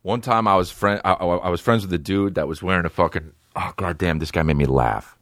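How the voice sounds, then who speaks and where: A man hosting a comedy podcast, telling crude stories full of swearing and breaking into squeaky character voices. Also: fairly quick, dry recording, clean studio sound. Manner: profane, animated, jumps into high-pitched character voices. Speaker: podcast host.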